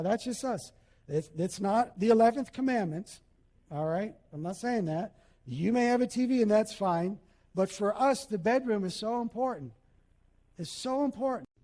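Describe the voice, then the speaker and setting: Man, pastor, sermon, high pitched, animated preaching. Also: moderate pace, big-room sound. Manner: animated preaching with acted-out quotes.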